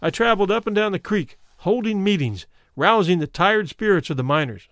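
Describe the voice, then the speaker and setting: Guy reading an old memoir out loud, slightly high voice, dry close mic, serious tone. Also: lively intonation, no echo. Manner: measured, somber storytelling. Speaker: narrator. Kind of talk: dramatic first-person reading of a memoir.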